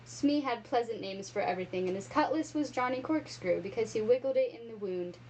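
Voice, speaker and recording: A woman reading a children's storybook aloud with expressive, animated storytelling. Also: fairly high pitch, brisk, slight background noise, low-quality recording. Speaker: reader.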